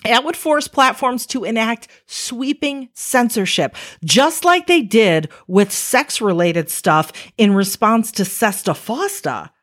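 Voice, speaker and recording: Lively-pitched woman explaining with emphasis. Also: takes it slowly, hardly any pauses. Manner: conversational, emphatic, rhetorical asides. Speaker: commentator. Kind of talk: casual explanatory commentary.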